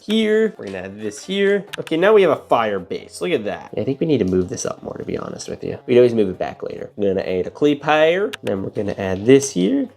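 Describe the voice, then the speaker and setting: A man hosting a casual unboxing and build-along, chatty and excitable, often trailing into mumbled asides. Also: medium pitch. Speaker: LEGO unboxing host.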